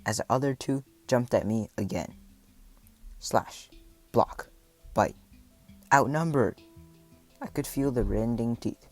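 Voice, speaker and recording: An audiobook narrator with a medium-pitched voice reads a first-person adventure story aloud. His delivery is dramatic, complete with voiced shouts and animal sounds.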